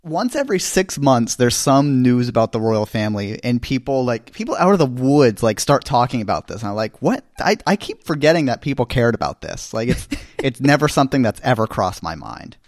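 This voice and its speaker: A man's voice: medium pitch, sing-song, fairly quick, few pauses, no room sound. A man co-hosting a casual podcast chat, talking in a dry, wry, questioning way. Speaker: podcast co-host.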